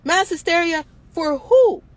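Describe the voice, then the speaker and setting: A woman's voice: very high voice, animated, unhurried, no echo. A woman hosting her own show, speaking in an impassioned monologue full of indignant rhetorical questions. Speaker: show host.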